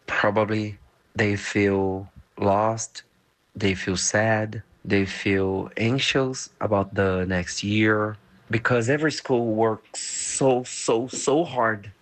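A man speaking slowly and earnestly in an interview, as a samba school representative. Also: fairly low pitch, fairly even intonation. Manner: slow, measured, earnest. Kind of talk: interview answer.

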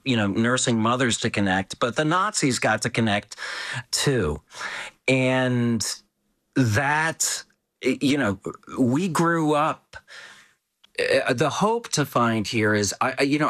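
A man's voice: mid-range voice, fairly bright tone. Older man, rambling storyteller. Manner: rambling, full of asides and restarts. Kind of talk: reflective conversational storytelling.

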